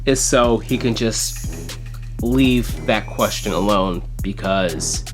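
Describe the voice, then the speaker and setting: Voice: medium pitch, takes it slowly, over music. A vlogger giving casual, sarcastic commentary while narrating chat logs, exasperated and swearing often.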